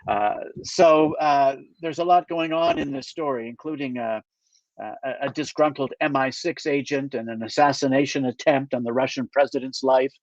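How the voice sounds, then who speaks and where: A man's voice: mid-range voice, steady tone, moderate pace, no room sound. A man from Canada, an author introducing his novel in a casual, hesitant way with many fillers. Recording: dull dry lo-fi recording.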